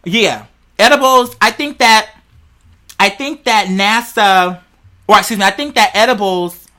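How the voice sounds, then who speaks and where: Stoned vlogger, bright tone, rambling, foul-mouthed, chatty. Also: medium pitch, a little slow. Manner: rambling, playful, heavily profane, talks straight to viewers. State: high on cannabis. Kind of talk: casual rambling vlog monologue.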